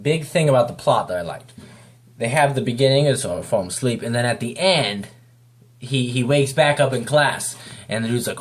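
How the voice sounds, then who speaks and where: A man talks through a video review in a loose, unscripted way. He wanders from point to point at an ordinary pitch and keeps a relaxed, chatty tone throughout. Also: moderate pace. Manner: rambling, loose and off the cuff. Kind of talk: casual spoken review.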